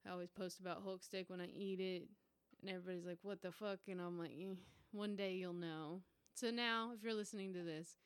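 Young woman, podcast host, casual profane storyteller, smooth voice, dry sound. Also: on the low side, dry recording. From United States. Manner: profane, animated storytelling with laughs.

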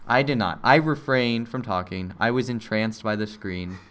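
A young man chatting casually, telling an animated, rambling story with many fillers and mimicking people in high voices. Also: moderate pace. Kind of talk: casual chat.

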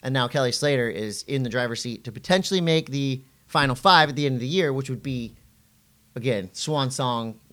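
A middle-aged man co-hosting a casual podcast, telling surf stories with animation and jumping into a high voice when he quotes people. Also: fairly quick, fairly bright tone. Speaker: podcast co-host and surf commentator.

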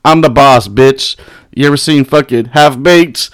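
A man's voice: measured pace, dry recording. Brash, foul-mouthed man, dry close mic. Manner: brash and mocking, swears constantly, laughs at his critics; mimics critics in a high mocking voice. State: high on weed. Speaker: podcast host. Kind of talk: profane solo podcast rant.

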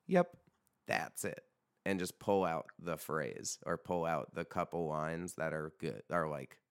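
A man's voice: very deep voice, unhurried, clear, resonant tone, dry recording, studio quality. A young man hosting a podcast in a loose, rambling chat, swearing freely and joking about his band. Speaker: podcast host and band vocalist. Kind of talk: casual chat.

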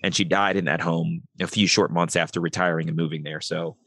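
Low-voiced middle-aged man telling a story. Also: fairly quick, no echo. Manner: animated storyteller acting out quoted dialogue. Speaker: podcast guest. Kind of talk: storytelling interview.

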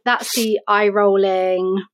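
A woman's voice: mid-range voice, steady tone, slow pace. A woman talking through emotional habits in a casual conversation, reflective and explaining with examples. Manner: reflective, explains with examples and quoted self-talk. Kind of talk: casual podcast chat.

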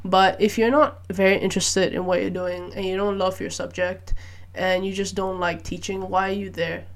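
A woman's voice: mid-range voice, normal speed. Chatty young woman in a casual monologue. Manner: chatty, animated, frequent "like" fillers. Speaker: podcast host. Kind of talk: casual solo chat.

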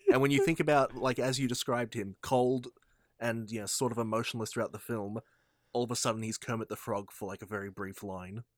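A man's voice: medium pitch, fairly even intonation, brisk, no echo, studio quality. A man in a casual film review chat, thoughtful and a little rambling. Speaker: podcast co-host.

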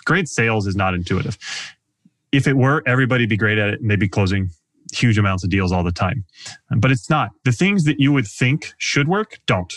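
A man's voice: lowish voice, lively intonation, brisk, fairly bright tone, no echo, studio quality. A man coaching on sales in a podcast interview, talking animatedly and acting out customer dialogue.

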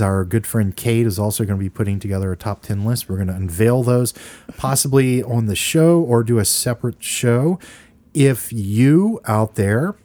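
On a relaxed movie podcast, this middle-aged co-host speaks at medium pitch with a warm tone, and the recording is dry. He rambles and cracks jokes, spinning stories in an easygoing way.

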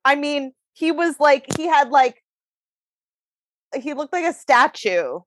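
A podcast co-host with a high voice and lively intonation speaks slowly, with no echo. In casual chat she tells a long, rambling story, swearing and laughing as she goes.

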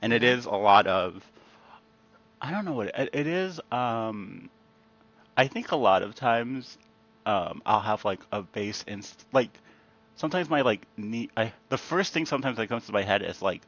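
A man's voice: medium pitch, expressive, moderate pace, fairly bright tone. Comedian guy rambling and laughing at himself, lots of "like", kinda muffled audio. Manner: rambling, self-mocking, laughs often, many "like" fillers. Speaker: guest comedian. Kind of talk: casual podcast chat.

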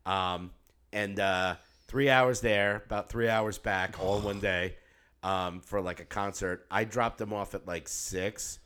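A man's voice: lowish voice, steady tone, a little slow, fairly bright tone, smooth. Tired, rambling middle-aged podcast guy. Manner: rambling, laid-back, swears freely. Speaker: podcast co-host. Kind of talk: casual chat.

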